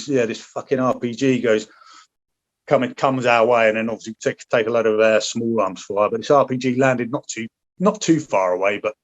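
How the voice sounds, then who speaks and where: British ex-soldier telling war stories, swearing. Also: male voice, on the low side, lo-fi sound. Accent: British English. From Britain. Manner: swears freely, many restarts and asides. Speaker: podcast guest, former paratrooper. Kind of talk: casual storytelling.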